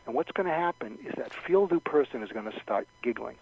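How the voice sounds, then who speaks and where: Appearing as a guest on a radio talk show, this man offers advice in stages and performs example lines of dialogue. His gravelly voice is expressive and fast with few pauses, and the audio has a dull, low-fi radio quality.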